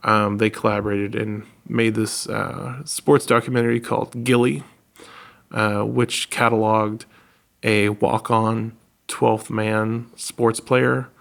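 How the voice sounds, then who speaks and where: A man with a deeply gravelly, fry-laden voice chats casually about his documentary work. He tells stories with animated energy, laughing often and slipping into quick impressions of other people. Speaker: documentary filmmaker. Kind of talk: casual conversation.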